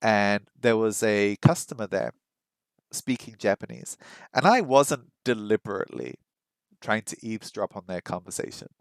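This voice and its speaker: A man chatting casually on a stream while he practises a language, thinking aloud and sounding out words slowly. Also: fairly low pitch, animated, vocal fry, no echo. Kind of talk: casual livestream chat.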